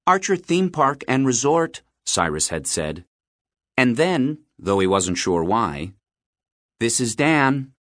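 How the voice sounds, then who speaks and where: A man voicing an irritated young boy who fakes polite phone manners in quick, clipped bursts. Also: medium pitch, sing-song, a bit bright, no room sound, studio quality, pitched above the performer's own voice.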